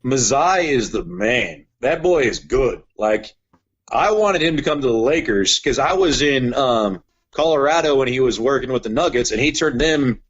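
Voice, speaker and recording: A man's voice: medium pitch, moderate pace, husky. A young adult man chatting casually on a podcast, telling stories with lots of "like". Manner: animated storyteller, heavy use of "like". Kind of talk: casual chat. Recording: dull lo-fi sound.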